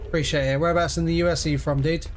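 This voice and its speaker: A man's voice: on the high side, fairly even intonation, rapid-fire, slight background noise. A young British man streaming a video game live, chatting casually and answering viewers while he plays. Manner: chatty, reads and answers chat while playing. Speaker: gaming livestreamer.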